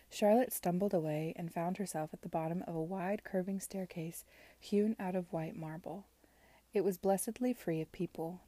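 A woman reading a novel aloud in a soft, measured manner. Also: on the low side. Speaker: reader.

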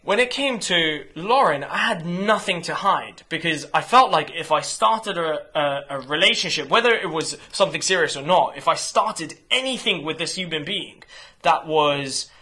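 High, bright-voiced man, blunt and profane. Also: moderate pace. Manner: frank, profane, animated storytelling with repeated restarts. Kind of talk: candid casual chat.

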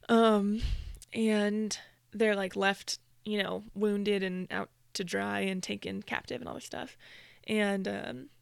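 A woman co-hosting a casual faith podcast, talking in an animated way and laughing easily. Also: mid-range voice, takes it slowly, vocal fry, clear, resonant tone, no echo, studio quality. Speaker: podcast co-host.

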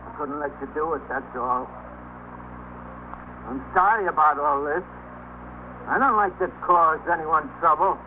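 A man's voice: on the high side, a little slow, long pauses, close to an everyday voice. An actor playing an unstable, paranoid man barricaded with a gun, ranting and threatening in 1950s radio drama style. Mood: uneasy. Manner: agitated, repetitive, swings between threats and self-pity. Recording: tinny old radio broadcast with faint hiss.

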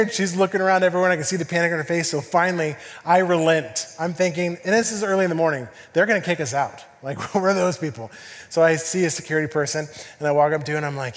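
A man's voice: on the high side, steady tone, brisk, long reverb tail. A man in his thirties preaching a sermon, telling a family story with acted-out voices and sound effects. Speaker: pastor. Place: church hall.

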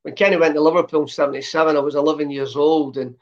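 A man in his fifties from Scotland with a softened Glasgow accent, telling stories as an interview guest with a lot of filler sounds. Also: a little high, fairly even intonation, very fast. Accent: softened Glasgow Scottish. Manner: lots of uh fillers, chatty storytelling. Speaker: guest, former footballer. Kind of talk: relaxed interview chat. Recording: dull lo-fi sound.

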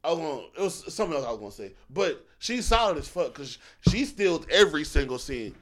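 A young man co-hosting a podcast, talking in animated, slangy banter and laughing often. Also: fairly high pitch, fairly quick. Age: young adult. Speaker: podcast co-host. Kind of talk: casual chat.

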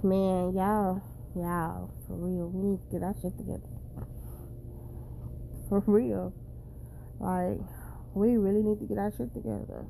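A woman's voice: mid-range voice, fairly even intonation, unhurried, gravelly, long pauses, dark tone, a little hiss or hum. A woman talking casually and bluntly to her viewers, swearing freely and preaching hard about how people should treat their children. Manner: blunt, profane and preachy, addressing viewers directly. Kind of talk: casual straight-to-camera rant.

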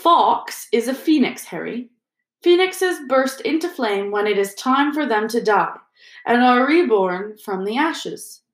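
A woman voicing an old male wizard headmaster who speaks slowly, gently and with measured calm. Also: a little high, echoey room. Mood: explaining.

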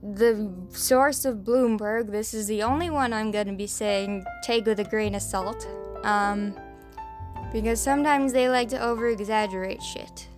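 A woman's voice: medium pitch, fairly even intonation, a little slow, faint music behind. A young woman hosting a podcast, rambling through the news in a casual, swearing, filler-heavy way. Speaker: podcast host.

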